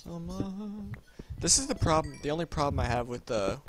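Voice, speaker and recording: A young man hosting a casual modded gaming session, chattering excitedly to the game's creatures and laughing at his friend. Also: medium pitch, quick pace, music in the background. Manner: excitable, laughs a lot, chatters to game mobs. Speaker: gaming channel host. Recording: light background noise.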